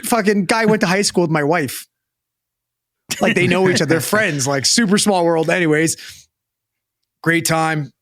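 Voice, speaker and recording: A man's voice: sits high, moderate pace, pauses often, a bit bright, dry recording. A young man from Western Canada, co-hosting a podcast and telling a rambling, sweary story in a casual chat, on a close mic. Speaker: podcast co-host.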